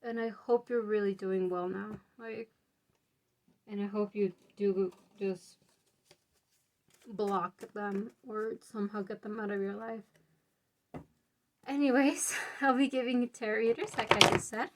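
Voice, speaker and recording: A woman's voice: mid-range voice, fairly even intonation, measured pace, long pauses. A young woman giving a casual tarot reading to her viewers, chatty and informal with many fillers. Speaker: tarot reader.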